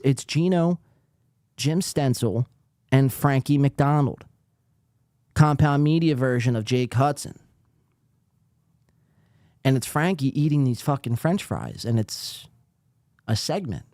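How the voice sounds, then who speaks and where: A man's voice: no room sound, studio quality. A man hosting a live podcast, ranting in a profane, sarcastic way while reacting to clips. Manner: lively, jumpy pitch. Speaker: podcast host. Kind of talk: casual live-stream commentary.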